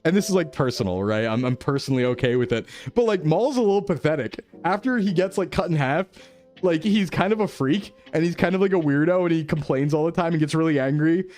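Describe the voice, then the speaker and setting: A man's voice: fairly high pitch, animated, fast talker, darkish tone, soft background music. A man live-streaming in casual chat, answering his chat as he rambles enthusiastically, full of fillers and laughs. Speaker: VTuber streamer.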